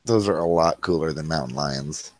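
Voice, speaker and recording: A young man co-hosting a podcast, deadpan and contrarian, swearing freely in crude banter. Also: rumbling low, moderate pace, no room sound, studio quality. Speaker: podcast co-host.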